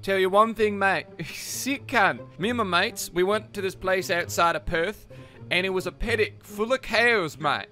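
A man's voice: high-pitched, measured pace, bright, forceful tone, faint music behind. A man voicing a cheeky young male footballer with a put-on Australian-New Zealand accent, rambling in crude slang. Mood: laid-back banter.

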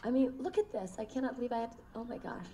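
A woman, an actress, giving commentary on a film she acted in, animated and exclaiming with laughs. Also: a little high, quick pace, background noise. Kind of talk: recorded commentary interview.

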